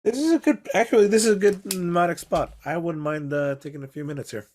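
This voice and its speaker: A man playing in a tabletop game who talks quickly and upbeat. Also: a little high, a little mellow, slight background noise. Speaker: player. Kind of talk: casual tabletop play.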